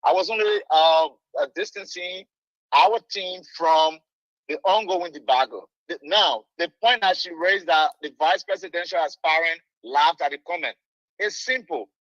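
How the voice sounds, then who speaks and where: A man's voice: on the high side, normal speed, fairly bright tone, no echo. A man calling in over the phone to make a rebuttal, stammering and repeating words, then turning emphatic. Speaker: caller. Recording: dull phone line.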